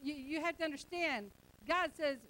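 A woman's voice: high voice, moderate pace, fairly bright tone, low-quality recording. A middle-aged woman pastor preaching a sermon, emphatic and repetitive, acting out bits of everyday dialogue.

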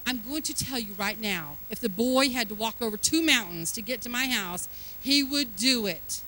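Older lady preacher, high voice, real bright, gets fired up. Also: lively intonation, low-quality recording. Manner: fervent, rising to loud exhortation, drawn-out emphasis. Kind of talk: sermon.

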